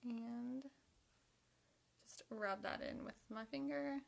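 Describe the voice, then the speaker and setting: A woman's voice: a little high, takes it slowly, creaky. A young woman chatting casually to herself while doing her makeup for a vlog, sometimes dropping to a half-whisper. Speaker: makeup vlogger.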